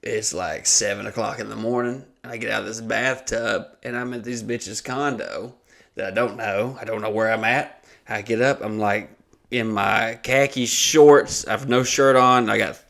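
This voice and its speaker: A man's voice: lowish voice, fairly even intonation, normal speed, creaky, a bit bright. A young adult man hosting a podcast, casually telling a rambling, profane story full of fillers. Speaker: podcast host.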